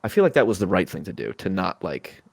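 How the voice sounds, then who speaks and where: A man's voice: deep voice, sing-song, fast talker, creaky, husky, dry recording. A young man in his twenties hosting a casual podcast, rambling through a story with many fillers and restarts. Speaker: podcast host.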